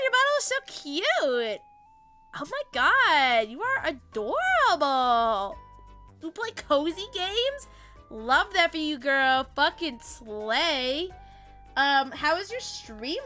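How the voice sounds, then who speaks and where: A woman's voice: sits high, pushed and bright. A woman VTuber streamer chatting casually while she plays, bubbly and playful, swearing freely as she greets her chat.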